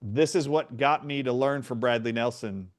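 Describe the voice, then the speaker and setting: A man's voice: mid-range voice, moderate pace. A middle-aged man, a guest in a conversation, earnestly retelling a personal story and acting out what others said. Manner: earnest, animated retelling with quoted voices.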